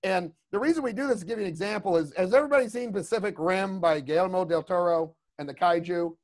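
A man's voice: high-pitched, fast. A man teaching a creature design class over a video call, chatty and rambling with lots of asides. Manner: rambling, chatty, lots of "you know what I mean". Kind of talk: casual online class talk.

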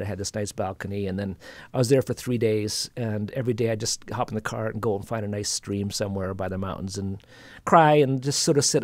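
Middle-aged male host; gentle, reflective storyteller, mid-range voice, dry and close. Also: medium pitch, no echo. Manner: reflective, soft-spoken, full of restarts. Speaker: podcast host and singer-songwriter. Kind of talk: casual storytelling conversation.

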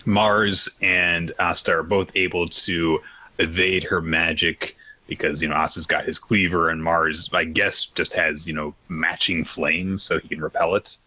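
Male podcast host, deep and forceful, dry sound, rambling recap. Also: flat delivery, a little slow, husky, dry recording. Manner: rambling, lots of fillers, exasperated asides. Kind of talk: casual chat recapping manga.

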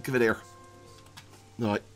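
A man giving excitable, self-mocking commentary while playing a video game. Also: slow pace, faint music behind. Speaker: gaming YouTuber. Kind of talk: let's play commentary.

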